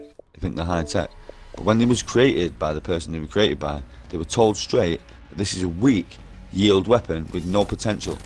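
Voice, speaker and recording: Deep-voiced man ranting nonstop. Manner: nonstop, profane, repetitive and insistent. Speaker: stranger in an online game party chat. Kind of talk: rambling conspiracy rant. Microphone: headset over voice chat.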